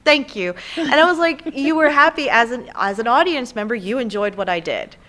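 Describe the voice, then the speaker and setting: A woman's voice: a little high, animated, a little fast, a bit bright. A young adult woman, a podcast guest, chatting casually and animatedly, often slipping into playful voices when she quotes people. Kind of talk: casual chat.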